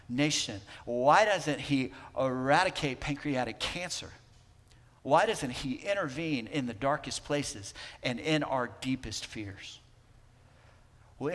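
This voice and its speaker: In a large hall in a church sanctuary, a pastor with a mid-range voice preaches conversationally, swinging between emphatic lines and hushed ones.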